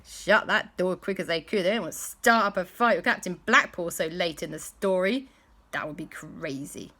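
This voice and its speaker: A woman telling a bedtime story in an animated way, with sound effects. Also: fairly low pitch, normal speed.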